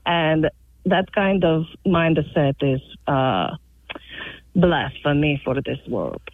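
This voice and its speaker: A woman's voice: sits low, expressive, slow pace, no echo. A woman calling in to a radio show, speaking enthusiastically and laughing often over a phone line. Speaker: caller.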